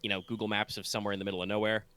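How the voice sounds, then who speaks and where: A drowsy male game master describes scenes over an online call, wandering through fillers and restarts. His voice is bright and crisp. The sound is dry and close. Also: on the low side, level tone, rapid-fire, no echo. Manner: rambling, full of fillers and restarts. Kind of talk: narrating a tabletop game.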